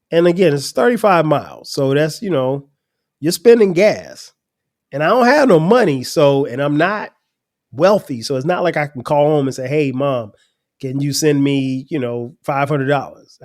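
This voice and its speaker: A middle-aged man hosting a podcast, telling a personal story in a casual, conversational way with frequent laughter. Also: fairly high pitch. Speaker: podcast host.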